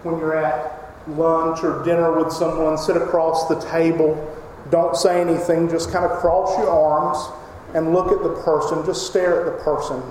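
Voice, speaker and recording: A man's voice: high voice, darkish tone. A man preaching a sermon as pastor, emphatic and crying out when he quotes scripture. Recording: echoey hall reverb, faint noise.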